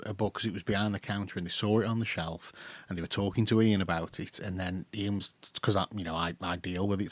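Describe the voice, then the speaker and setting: Man, low voice, dry close sound, casual rambling chat. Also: no room sound. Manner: rambling, lots of fillers and restarts. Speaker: podcast co-host, record shop worker.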